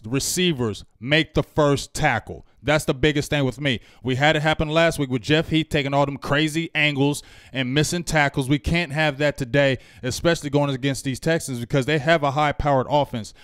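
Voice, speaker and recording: A man hosting a fan football show, talking in an animated, emphatic way and trash-talking rival teams. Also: a little high, clean tone, no room sound, clean studio sound. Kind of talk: excited fan sports talk.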